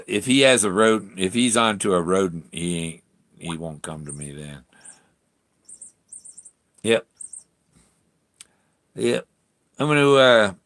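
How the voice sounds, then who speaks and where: A man's voice: fairly low pitch, fairly bright tone. A man vlogging from a campsite in a casual, rambling way, chuckling often and trailing off mid-sentence. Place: outdoor campsite.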